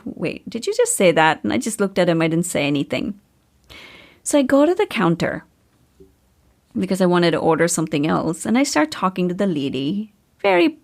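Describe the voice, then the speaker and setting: Chatty woman telling a personal story. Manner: chatty, animated, laughs often, pitch jumps up when excited. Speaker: podcast host and spiritual business coach.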